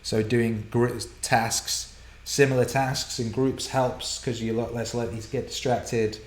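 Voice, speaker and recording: A man hosting a live viewer Q&A broadcast from a home studio, excitable and profane, laughing and rambling as he reads out questions. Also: mid-range voice, unhurried, roomy sound. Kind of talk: casual live-stream chat, reading viewer questions.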